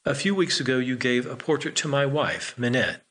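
A man's voice: medium pitch, moderate pace, fairly bright tone, natural voice. Grounded everyday man, reassuring and easygoing, read by a male narrator. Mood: kind, reassuring. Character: calm, friendly grown man who looks out for others.

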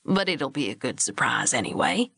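A woman voicing a big, steady rancher father who speaks low, even and quietly firm. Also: normal speed, vocal fry, slightly rough, no room sound, heavily acted.

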